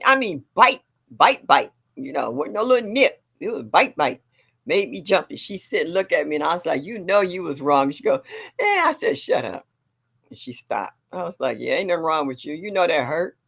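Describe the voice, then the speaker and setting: A woman's voice: deep voice, vocal fry. Chatty older woman hosting a garden livestream. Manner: chatty, reads viewer comments aloud. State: a little sore. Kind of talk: casual livestream chat reading comments.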